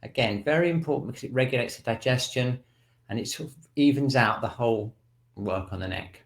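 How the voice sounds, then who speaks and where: Guy leading a shiatsu class on a video call, calm, talks you through each breath. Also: medium pitch, fairly quick, creaky. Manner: calm instructor, counting breaths. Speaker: shiatsu teacher. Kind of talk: guided self-shiatsu class online.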